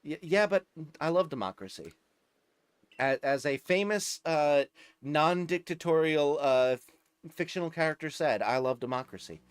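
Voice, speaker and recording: A man's voice: fairly high pitch, animated, measured pace, clean tone, dry recording. A man hosting a casual livestream, chatting with viewers, laughing often and stumbling over his words. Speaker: streamer.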